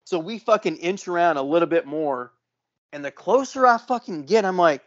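On a laid-back podcast, a co-host with a high-pitched voice spins a lengthy tale at normal speed, cursing freely and doing voices for the other characters. The recording is muffled and has no room sound.

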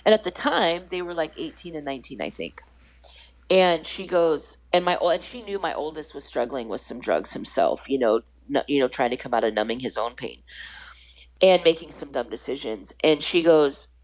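A woman in her forties, a guest on a faith podcast, telling a personal story with animated storytelling and acting out the voices of others. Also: low-pitched, moderate pace, poor audio.

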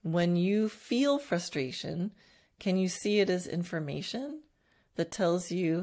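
A woman with a slightly low voice, talking as a horse trainer to her students. She reflects as she goes, and her talk has soft laughs and restarts. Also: animated, takes it slowly. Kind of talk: teaching talk.

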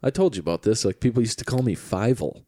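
A man's voice: fairly low pitch, lively intonation, fast talker, dark tone. Crude, joking young man chatting. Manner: crude, joking, self-deprecating. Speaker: podcast co-host. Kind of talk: casual chat.

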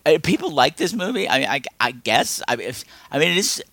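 A man's voice: a little fast, no room sound. A man hosting a casual film review podcast, rambling, sarcastic and exasperated. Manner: animated, with lots of pitch swings. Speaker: podcast host.

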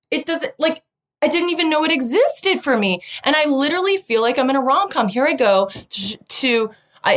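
A woman in her thirties hosting a podcast and telling a personal dating story in a chatty way, often acting out other people's lines in a raised voice. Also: fairly high pitch. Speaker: podcast host. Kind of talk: casual storytelling monologue.

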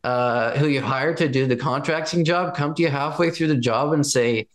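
A man giving political commentary in a conversation, forceful and indignant, building his case with examples. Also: mid-range voice, moderate pace, few pauses. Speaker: guest commentator.

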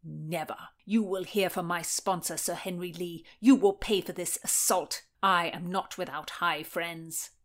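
A woman's voice: on the low side, fairly even intonation, unhurried, hardly any pauses, natural voice. A woman voicing a touchy young male nobleman who sputters indignant insults in an audiobook. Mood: furious. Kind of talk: audiobook character voice.

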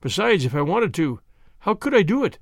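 A man's voice: sits high, sing-song, brisk, no echo, studio quality, exaggerated voice. A man doing an earnest young lover. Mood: coaxing. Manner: coaxing, earnest. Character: young secretive man, ardent lover with a hard edge.

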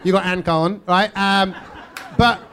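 A man's voice: sits high, steady tone, unhurried, a bit bright. A man hosting a live comedy podcast on stage, teasing the audience with cheeky banter. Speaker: podcast host.

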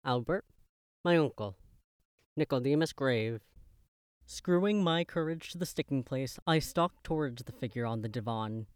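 A man's voice: mid-range voice, a little mellow, no echo, clean studio sound. Man reading first-person gothic narration. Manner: measured, literary storytelling.

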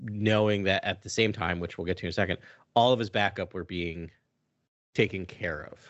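A man's voice: deep voice, moderate pace, no echo. A man co-hosting a podcast in casual chat, restarting his sentences as he goes. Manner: animated, restarts mid-thought. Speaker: podcast co-host. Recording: dry, muffled sound.

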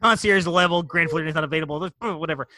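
Fast-talking, bright-voiced man. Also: fairly high pitch, no echo. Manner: rambling, enthusiastic, many restarts and fillers. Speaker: podcast co-host. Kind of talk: casual chat.

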